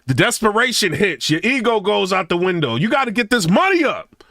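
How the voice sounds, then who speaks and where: A middle-aged man gives casual reaction commentary. His voice sits high and swings widely in pitch, with a bright, sharp edge. The recording is dry and close. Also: fairly quick, dry recording. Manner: animated, chatty, repeats "you know what I'm saying".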